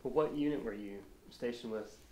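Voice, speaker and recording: A man's voice: mid-range voice, normal speed, dark tone. A man interviewing a veteran for an oral history, asking brief, plain follow-up questions. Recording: roomy echo.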